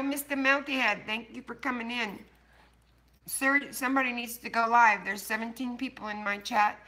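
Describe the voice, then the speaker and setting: A woman's voice: on the high side, pushed and bright. An older woman hosting a casual livestream, chatting bluntly and swearing freely with her viewers. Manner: blunt, profane, talking straight to chat viewers. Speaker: livestream host. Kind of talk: casual live-stream chat.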